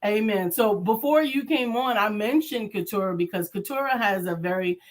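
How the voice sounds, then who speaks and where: A woman's voice: medium pitch, normal speed. A middle-aged woman from the United States co-hosting a live online talk show, reading viewer comments in a friendly, affirming way. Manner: warm-hearted, affirming, says "amen" often. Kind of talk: casual chat.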